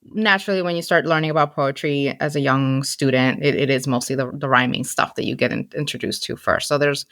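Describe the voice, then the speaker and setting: A woman's voice: extremely low pitch, fairly even intonation, brisk, few pauses, fairly bright tone, no room sound, clean studio sound. A middle-aged woman hosting a podcast, asking upbeat, chatty questions in a casual interview. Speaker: podcast host.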